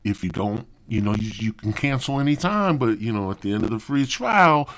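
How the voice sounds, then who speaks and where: A man voicing a pushy male telemarketer who gives a profane, breezy sales pitch. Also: lively intonation, moderate pace, fairly bright tone, a little hiss or hum. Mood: salesy.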